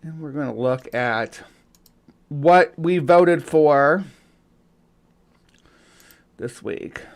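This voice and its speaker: A man's voice: a little high, drawn-out words. A man hosting a casual livestream, rambling with lots of fillers and restarts. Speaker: host.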